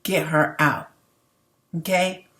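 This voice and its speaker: A woman's voice: low-pitched, steady tone, takes it slowly, fairly bright tone. An outspoken woman giving casual, emphatic commentary as she reads out viewer comments, laughing between points. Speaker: livestream commentator.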